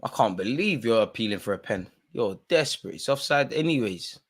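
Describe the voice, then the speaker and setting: Hosting a live football watch-along, this young guy speaks fairly quickly in a husky voice. He's excitable and slangy, swinging from shouts down to low muttering.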